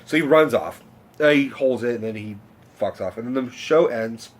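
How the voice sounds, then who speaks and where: A man telling a long personal story in a casual vlog rant, rambling and excitable, swearing often and restarting his sentences. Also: medium pitch, normal speed, slight background noise. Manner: rambling, excitable, profane, many fillers and restarts. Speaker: vlogger.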